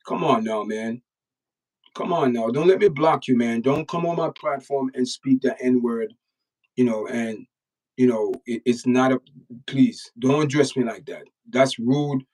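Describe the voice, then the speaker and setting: Speaking in a slightly mellow mid-range voice, a Jamaican-accented man from Jamaica runs a casual livestream where he reacts to news and chat. He lectures the chat head-on with emphatic, repetitive phrasing, captured from a distance in a rough recording.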